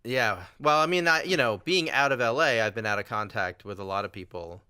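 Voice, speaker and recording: A man's voice: medium pitch, fairly quick, bright, forceful tone, smooth, no room sound, studio quality. A man hosting a podcast, chatting casually, laughing often and telling jokes. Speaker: podcast host. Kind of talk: casual conversation.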